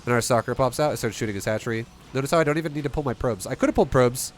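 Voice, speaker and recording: A man's voice: medium pitch, very fast, a little hiss or hum. A man streaming and coaching a strategy game, talking bluntly and emphatically, swearing freely and firing off rhetorical questions.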